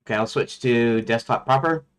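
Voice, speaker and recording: A man's voice: medium pitch, normal speed, clean tone. A man streaming his game development, talking casually and thinking aloud as he works, rambling and talking to himself. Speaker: indie game developer livestreaming.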